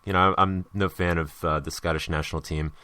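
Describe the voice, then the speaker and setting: A man's voice: low voice, steady tone, fast talker, bright, forceful tone, dry recording. A young American man hosting a casual sports chat, hungover and rambling with lots of fillers and restarts. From United States. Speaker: podcast host.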